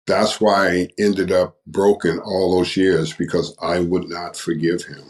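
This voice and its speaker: An older man with a very deep, low voice tells his story as a guest on a podcast. He talks like a preacher, repeating phrases for emphasis. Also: little pitch movement, a little slow, few pauses. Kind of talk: testimony in a podcast interview.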